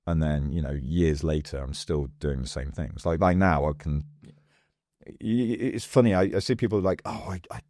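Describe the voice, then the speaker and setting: A man with an extremely deep voice chats casually as an interview guest. He tells stories in a lively way and slips into the voices of the people he quotes. The recording is dry and close, with no room sound. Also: moderate pace, no room sound. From England. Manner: lively storyteller who acts out quoted voices. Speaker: podcast guest.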